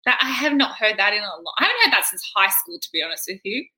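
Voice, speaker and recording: Bright-voiced Australian woman, laughing easily. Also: mid-range voice, sing-song, quick pace. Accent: Australian, partly Americanized. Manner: laughs easily, chatty and self-deprecating. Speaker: guest. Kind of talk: casual interview chat.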